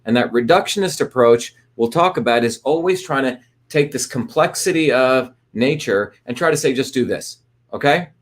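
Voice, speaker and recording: A man's voice: mid-range voice, lively intonation, moderate pace. A man hosting a live online talk, greeting viewers by place and explaining ideas in a loose, rambling way with many fillers and restarts. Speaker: livestream host. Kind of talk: casual livestream talk.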